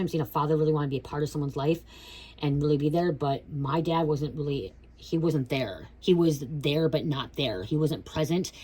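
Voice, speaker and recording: A woman's voice: low voice, darkish tone, slightly rough. A woman in her thirties giving a casual spiritual reading, blunt and profane, who keeps checking in with "okay?". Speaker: tarot reader.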